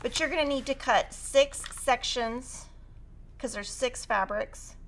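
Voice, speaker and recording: A woman's voice: high voice, takes it slowly, creaky, fairly bright tone, a little hiss or hum. A woman teaching a quilting tutorial on a live stream, chatty and upbeat as she talks through cutting fabric. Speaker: quilting instructor.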